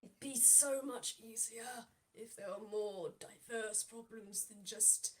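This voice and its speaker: A woman voicing a smug male bird-man who drawls slowly and teases with mock praise. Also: on the high side. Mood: lazy drawl.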